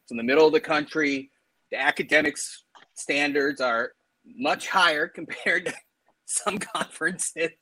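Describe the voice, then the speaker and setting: Bright-voiced chatty man debating college football. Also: fairly high pitch, measured pace, no echo, poor audio. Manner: talkative, laughs mid-sentence, opinionated. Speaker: sports podcast panelist. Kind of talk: casual sports talk.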